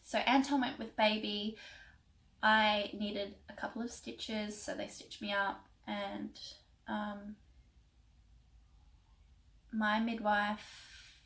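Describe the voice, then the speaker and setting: A woman's voice: mid-range voice, flat delivery, takes it slowly, long pauses, a bit bright, poor audio. Emotional young woman telling a story. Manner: emotional, rambling with many fillers. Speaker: vlogger. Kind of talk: casual storytelling.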